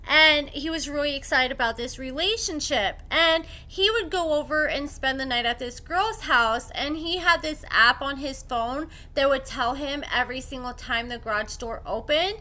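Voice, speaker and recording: A woman hosting a commentary channel, casually retelling a story and acting out the quoted lines as she goes. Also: sits high. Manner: animated retelling with quoted voices. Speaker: commentary host. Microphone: desk microphone.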